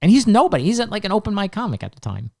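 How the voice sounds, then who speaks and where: Man telling rambling stories, higher voice. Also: huge pitch swings, rapid-fire, gravelly, darkish tone. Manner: rambling storyteller, acts out quotes. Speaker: podcast co-host. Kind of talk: casual chat.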